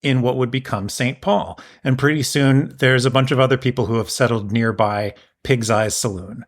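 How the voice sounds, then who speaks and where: A man in a middle register tells a history story as a podcast host. His delivery is casual and explanatory, with a dry, lightly sardonic edge. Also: mid-range voice.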